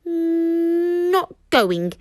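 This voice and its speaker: A woman reading aloud and voicing a small, stubborn, whiny male dragon in a squeaky, drawn-out voice. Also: very animated, darkish tone, dry recording, studio quality, exaggerated voice.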